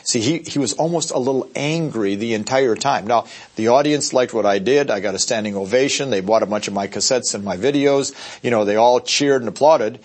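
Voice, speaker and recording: A man's voice: mid-range voice, a little fast, husky. A man training real estate agents in a seminar, talking emphatically and checking in with the audience. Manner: acts out short quoted voices. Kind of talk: seminar talk.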